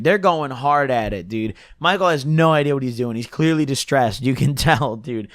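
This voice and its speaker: A man's voice: fairly high pitch, dry recording, clean studio sound. Rambling young man with a scratchy throat. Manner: slangy, rambling, says "dude" constantly. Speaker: storyteller vlogger. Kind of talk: casual storytelling.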